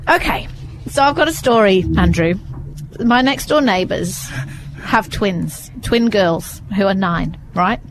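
A young adult woman, hosting a podcast in casual, animated chat and laughing easily. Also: mid-range voice, slow pace, music in the background. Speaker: podcast host.

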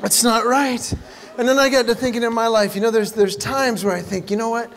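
High-voiced man doing stand-up. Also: a little fast, vocal fry, crowd noise. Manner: animated storytelling, acting out voices. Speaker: comedian. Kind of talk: stand-up comedy. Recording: long hall reverb, faint background noise.

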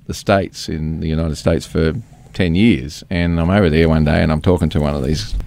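A man telling a story as a radio guest, lively, acting out the people he quotes. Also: a bass voice, moderate pace, gravelly. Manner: animated, acts out quoted speech. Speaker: guest, ministry founder.

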